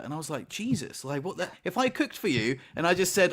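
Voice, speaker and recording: A man's voice: a little high, animated. A young man hosting a casual podcast chat, restarting often and acting out arguments. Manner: fast, bright, restarts often, acts out arguments. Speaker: podcast host.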